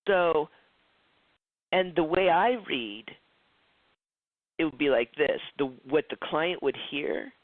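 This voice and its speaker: A man's voice: a little high, expressive, takes it slowly, long pauses, no echo. A man teaching a psychic development class in a chatty lecture style, acting out quoted dialogue and often restarting his sentences. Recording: tinny phone-like lo-fi, dry.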